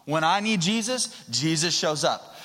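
A man preaching a sermon into a handheld mic, conversational and swinging from quiet to loud. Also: a little high, lively intonation, unhurried. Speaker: pastor. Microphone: handheld microphone. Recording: long hall reverb.

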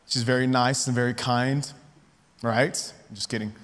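A man's voice: mid-range voice, fairly even intonation, normal speed, fairly bright tone. A man in his thirties preaching a sermon, chatty and personal, often checking in with the crowd by asking "right?". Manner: conversational, often asks the audience "right?". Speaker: pastor. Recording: long hall reverb.

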